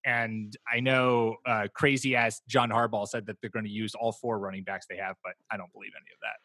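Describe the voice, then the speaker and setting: Male podcast host, bright tone, animated, dry close sound. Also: lowish voice, brisk, dry recording. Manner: animated, laughs, mimics others. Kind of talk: casual fantasy football chat.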